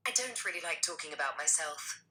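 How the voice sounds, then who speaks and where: A synthetic female voice assistant giving short, polite, even replies. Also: deep voice, fairly quick.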